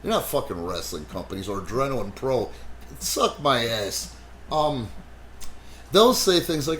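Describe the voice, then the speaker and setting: Brash man, podcast host, swears freely, lively storyteller, slight noise under the voice. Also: medium pitch, a little slow. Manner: animated, swears heavily, frequent "you know". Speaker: wrestling promoter and podcast host. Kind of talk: casual profane podcast storytelling.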